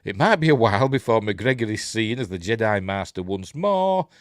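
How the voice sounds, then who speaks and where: A man with a Yorkshire accent chats casually through a live news stream, reading pieces out and tossing in sarcastic asides. His voice sits fairly low but swings widely in pitch. The sound is dry and close, with no room echo. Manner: chatty and sarcastic, reads articles aloud and mocks them.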